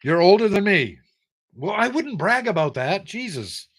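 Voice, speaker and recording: A man's voice: sits high, very animated, moderate pace, fairly bright tone. An older man from the United States runs a casual trivia livestream. He is teasing and wry, reading viewers' answers aloud and joking back at them. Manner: teasing, sarcastic, reads viewer names aloud. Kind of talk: casual live-chat trivia banter.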